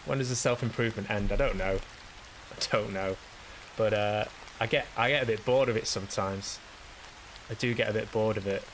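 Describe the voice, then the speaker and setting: A man with a fairly low voice talks his way through a casual solo podcast monologue. He rambles with plenty of swearing and self-deprecation, and faint hiss sits underneath. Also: brisk, rough recording. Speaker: podcast host.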